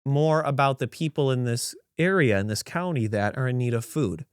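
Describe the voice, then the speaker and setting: A man voicing a female pizzeria server who speaks earnestly and haltingly. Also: medium pitch, smooth, dry recording, studio quality, close to an everyday voice.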